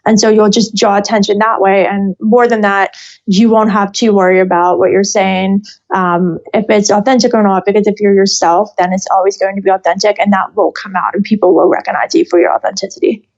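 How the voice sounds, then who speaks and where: A woman's voice: mid-range voice, fairly even intonation, a little fast, darkish tone, highs cut off. A woman who is a singer-songwriter, giving an earnest, reflective answer as a podcast guest. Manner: earnest, reflective, casual fillers.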